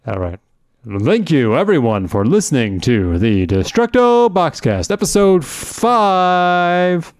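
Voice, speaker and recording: A man co-hosting a casual podcast, trading deadpan jokes and banter. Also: mid-range voice, a little slow, no room sound, studio quality. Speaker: podcast co-host. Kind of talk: casual swearing podcast chat.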